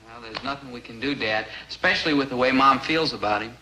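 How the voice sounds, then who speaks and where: An actor playing a wisecracking, lovelorn young American man in a dry, deadpan 1960s sitcom style. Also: medium pitch, quick pace, lightly acted. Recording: noisy old TV soundtrack.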